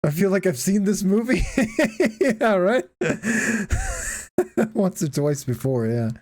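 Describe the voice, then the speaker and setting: A woman's voice: mid-range voice, wildly swooping pitch, takes it slowly, darkish tone. A woman streaming a game, giving casual, profane, joking commentary and laughing often.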